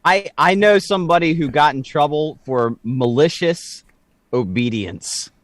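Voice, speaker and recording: A man's voice: on the high side, lively intonation, measured pace, dry recording. A man co-hosting a podcast, explaining things in a dry, matter-of-fact way. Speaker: podcast co-host. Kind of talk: casual chat.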